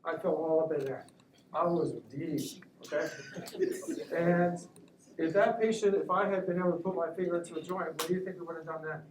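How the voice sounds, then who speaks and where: A man's voice: fairly high pitch, brisk, background noise. Man lecturing in an echoey room. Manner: conversational, keeps checking in with "right?". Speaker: orthopedic surgeon lecturing students. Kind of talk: classroom lecture. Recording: echoey room, recorded from a distance.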